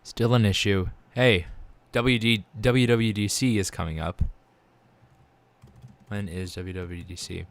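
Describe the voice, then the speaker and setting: A young man giving casual commentary while learning 3D software, exasperated and muttering to himself. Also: lowish voice, steady tone, slow. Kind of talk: casual screen-recorded commentary.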